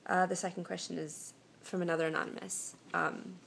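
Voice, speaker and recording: A woman's voice: lowish voice, level tone, a little fast, vocal fry, a bit bright, a little hiss or hum. A young woman vlogging from home on a phone camera, answering viewer questions with chatty, reassuring relationship advice full of "um"s and restarts. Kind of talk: casual advice chat.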